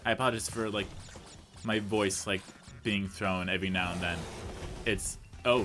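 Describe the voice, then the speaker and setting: A man's voice: lowish voice, steady tone, moderate pace, pauses often, pushed and bright, soft background music. A man giving casual, rambling commentary over a video game he is playing, full of tangents and self-deprecating jokes. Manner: rambling, chatty, goes off on tangents; self-deprecating, jokey asides. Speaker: let's play commentator.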